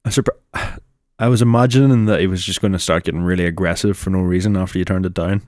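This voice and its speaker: A man's voice: sits low, steady tone, fast talker, a little mellow, no room sound, studio quality. A man co-hosting a comedy podcast, dropping wry, sweary quips and stories. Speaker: podcast co-host. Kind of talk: comedic casual chat.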